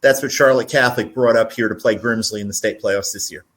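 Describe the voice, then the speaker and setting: Dry, understated sportswriter guest. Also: male voice, on the low side, quick pace, a bit bright. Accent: North Carolina. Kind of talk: radio interview.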